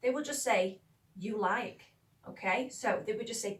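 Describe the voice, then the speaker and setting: A woman's voice: medium pitch, animated, normal speed, distant mic, rough recording. Chatty woman teacher, recorded from afar. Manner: chatty, emphatic, with frequent fillers and checks like "okay?". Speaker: language teacher. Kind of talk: spoken lesson explaining Spanish grammar.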